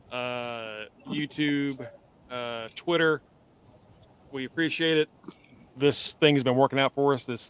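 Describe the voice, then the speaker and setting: A man's voice: on the high side, a bit bright, clean tone. A man in his forties hosting a podcast, talking casually and loosely with lots of fillers. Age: 40s. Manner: loose, rambling, with many fillers. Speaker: podcast host. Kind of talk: casual chat.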